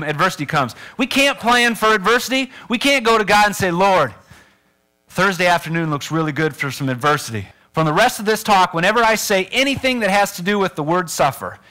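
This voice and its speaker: A man giving a humorous sermon, telling a story with lively acted-out moments and coaching his listeners with quick direct questions. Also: high voice, low-quality recording. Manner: animated, acts out scenes with sound effects. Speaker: speaker.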